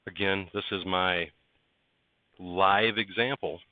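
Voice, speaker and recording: A man with a deep voice hosts a casual livestream from inside his workshop barn, talking in a steady tone at a slow pace. He chats away, greeting viewers by name and coaxing parts into place as he works. The recording is dry and tinny like a phone, with no room sound.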